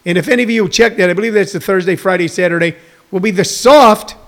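Gravelly high-voiced man in his sixties. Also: fast. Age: 60s. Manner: rambling, jokey, addresses viewers directly. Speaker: comedian hosting a live stream. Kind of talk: casual live-stream monologue.

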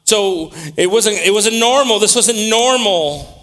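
A man preaching a sermon, swinging between loud scripture reading and quiet, repetitive asides. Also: high-pitched, slow, hardly any pauses. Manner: repeats words while searching for them.

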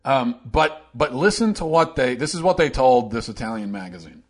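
A man hosts a political opinion show and talks alone to his listeners in a mid-range voice. His delivery is sarcastic and animated, and he shifts between mock pity and pointed emphasis. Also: medium pitch, normal speed. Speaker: podcast host.

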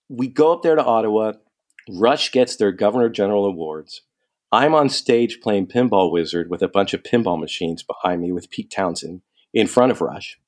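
A man telling a long story in casual chat, animated and quoting people as he goes. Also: on the low side. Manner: animated, quotes people in lively asides.

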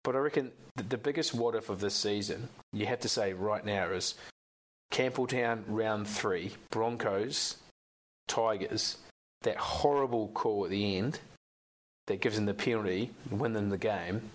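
A man's voice: lowish voice, unhurried. An Australian man co-hosting a sports podcast, chatting casually and opinionated, rambling and swearing now and then. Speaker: podcast co-host.

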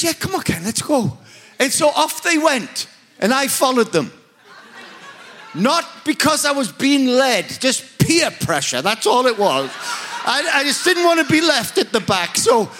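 A man's voice: very high-pitched, sing-song, measured pace, pushed and bright, slight background noise. A man with a Northern English accent, a preacher telling a story in a sermon with humorous, emphatic, self-mocking delivery.

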